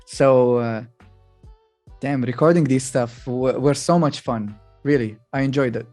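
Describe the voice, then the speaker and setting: A man from Kuwait talking as a musician guest on a podcast, relaxed and halting, with plenty of fillers. His voice sits at a middling pitch. Faint music plays in the background. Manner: relaxed, hesitant, many fillers. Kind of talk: casual podcast interview.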